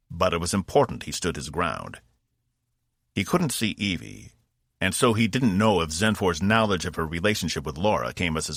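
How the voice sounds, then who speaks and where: Low-voiced male audiobook narrator. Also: creaky, no room sound, studio quality. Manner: measured, expressive storytelling. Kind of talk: scripted narration.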